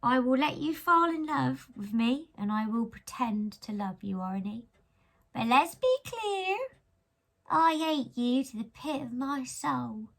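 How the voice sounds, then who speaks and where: A man voicing a cruel, possessive woman in a comic story reading, in a high put-on voice. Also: fairly even intonation, unhurried, gravelly, hardly any pauses, slightly rough, full character voice. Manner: high put-on voice, breaking into laughter.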